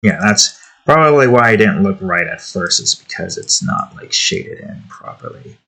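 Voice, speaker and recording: A man's voice: lowish voice, animated, normal speed, sharp tone. A young man hosting his own art channel, rambling in an offhand, self-deprecating way as he chats and draws. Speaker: artist and channel host. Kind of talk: casual chat while drawing.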